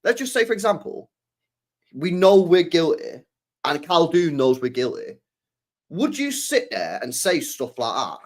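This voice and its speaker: A man's voice: fairly high pitch, a little slow. A young man, hosting a podcast in a casual, swearing rant full of rhetorical questions. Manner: animated, swears a lot, fires rhetorical questions. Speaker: podcast host.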